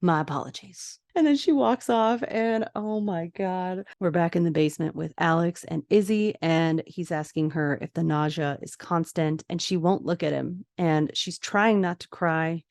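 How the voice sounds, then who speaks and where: A woman podcast host narrating an episode recap scene by scene, with lively asides of her own. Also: low voice, normal speed, vocal fry, hardly any pauses, no echo. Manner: vivid scene-by-scene retelling with asides.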